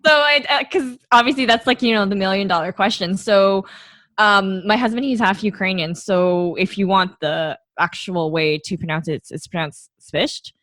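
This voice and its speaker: A woman's voice: medium pitch, normal speed, fairly bright tone, no echo. A middle-aged woman, a podcast guest, talking in a rambling, giggly way and poking fun at herself. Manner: giggly, rambling, self-deprecating. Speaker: guest, small business owner. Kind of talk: casual interview chat.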